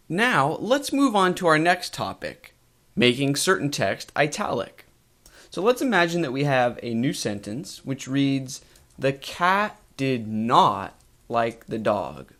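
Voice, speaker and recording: Animated man teaching web coding. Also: mid-range voice. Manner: clear, methodical explanation. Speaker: coding instructor. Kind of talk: screen-recorded tutorial narration.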